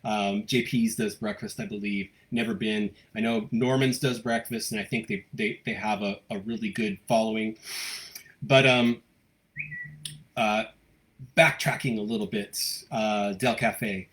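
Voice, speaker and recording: Halting, low-voiced man hosting a local show. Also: fairly even intonation, a bit bright. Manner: halting, many fillers and restarts. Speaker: host of a local news livestream. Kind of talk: casual live chat reading viewer comments.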